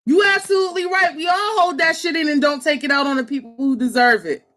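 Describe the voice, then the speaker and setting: A woman in her thirties talks candidly and passionately, her words blunt and often profane. Her voice sits high and rings bright and forceful, and she drives each point home with fervent emphasis. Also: quick pace. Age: 30s. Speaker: social worker and host. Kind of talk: impassioned personal talk.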